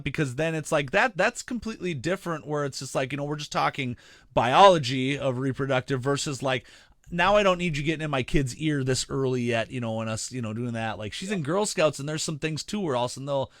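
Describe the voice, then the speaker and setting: A man's voice: medium pitch, brisk, a bit bright, no room sound. A man in his thirties rambling through a casual podcast chat, packed with "you know" and false starts. His talk is loose and profane. The sound is dry and close, with no room in it. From Midwestern United States. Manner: rambling, many fillers and restarts, profane. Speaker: podcast co-host.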